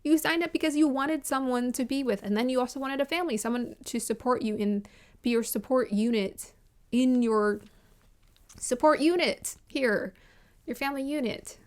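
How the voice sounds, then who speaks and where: Brief: woman vlogger, higher voice, emphatic casual commentary, repeats herself, laughs often. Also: normal speed. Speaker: vlogger reviewing a reality show.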